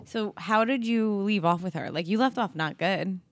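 A woman's voice: mid-range voice, normal speed, no room sound. A woman hosting a podcast in casual chat, asking prodding questions and laughing along. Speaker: podcast host.

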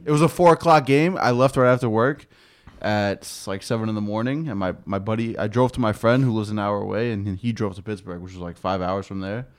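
A man telling travel stories in a casual chat, animated and trailing off quietly at the ends of sentences. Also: fairly low pitch, fairly quick.

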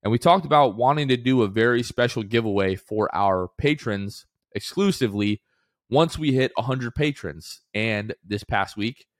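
A man's voice: mid-range voice, moderate pace, no echo, clean studio sound. A man co-hosting a casual sports podcast, talking in an upbeat, rambling way with many fillers. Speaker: podcast co-host.

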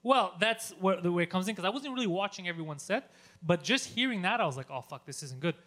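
A Greek stand-up comedian from Greece tells a story in casual chat, his voice high-pitched and fast. He's animated and profane, acting out shouted lines.

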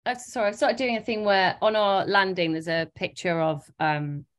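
A woman's voice: mid-range voice, steady tone, normal speed. A woman co-hosting a parenting podcast, chatty and self-deprecating, rambling with many fillers. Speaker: podcast co-host. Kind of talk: casual podcast chat.

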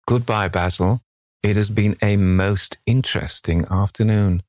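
A man's voice: on the low side, steady tone, measured pace, a little mellow, no room sound, studio quality, lightly acted. A man voicing a witty, cynical Victorian aristocrat who drawls out languid epigrams.

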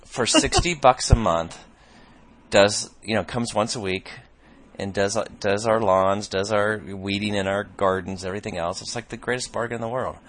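A man's voice: lowish voice, moderate pace, a bit bright. A man co-hosting a podcast in casual chat, easygoing and drily teasing. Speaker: podcast co-host.

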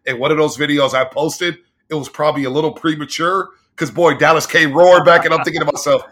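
A man's voice: fairly high pitch, fast talker. Hyped-up sports radio man. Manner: animated, hyped, chants and yells in quotes. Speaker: radio sports host, guest. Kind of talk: excited storytelling chat.

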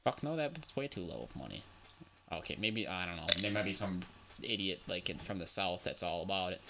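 A man's voice: sits low, expressive, fairly quick, gravelly, background noise. A young man co-hosting a casual podcast chat, blunt and profane, reading news items aloud. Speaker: podcast co-host.

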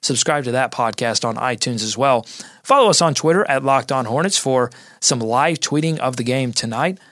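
A man hosting a basketball podcast, talking through game strategy and signing off with plugs for the show, energetic with quick asides. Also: mid-range voice, dry recording, clean studio sound. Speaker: podcast host. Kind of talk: sports podcast analysis.

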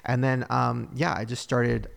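Mid-range and creaky, this man's voice moves at a measured pace and carries a big-room sound. Hosting a casual podcast, he tells an energetic story, voicing its characters and laughing often.

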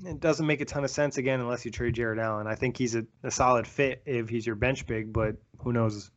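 Fast-talking man breaking down basketball. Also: mid-range voice, fairly even intonation. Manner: quick, analytical, frequent fillers. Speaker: basketball podcast co-host. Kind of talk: casual sports chat. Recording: dull lo-fi sound.

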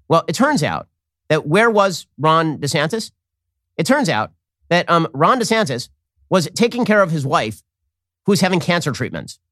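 Male commentary host, sarcastic and combative, lively swinging pitch, dry close mic. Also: fast, dry recording. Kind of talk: political commentary monologue.

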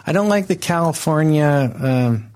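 A man's voice: a little high, expressive, unhurried, darkish tone. A man co-hosting a comedy podcast, chatting playfully and hesitantly with many restarts. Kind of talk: casual comedic banter.

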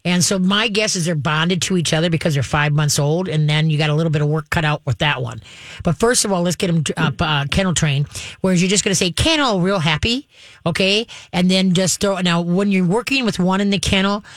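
Woman, radio host, brisk instructive tone, dry studio sound. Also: fairly low pitch, no room sound. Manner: brisk instructive, frequent "okay?" check-ins. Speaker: dog trainer and radio host. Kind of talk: call-in advice show.

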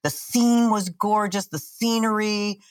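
An older woman co-hosting a casual podcast chat, talkative and quick to chide and protest. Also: mid-range voice, fairly even intonation. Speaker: podcast co-host.

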